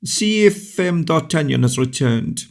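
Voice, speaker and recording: A man's voice: lively intonation, measured pace, gravelly. A man voicing an impatient, imperious young king who speaks sharply and with authority. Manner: raised pitch, sharp and commanding.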